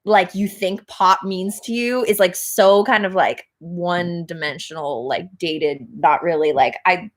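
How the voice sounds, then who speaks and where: A woman's voice: fairly low pitch, unhurried, few pauses. A woman singer co-hosting a casual livestream chat, bubbly and laughing often, with many filler likes. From Canada. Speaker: band singer and livestream co-host.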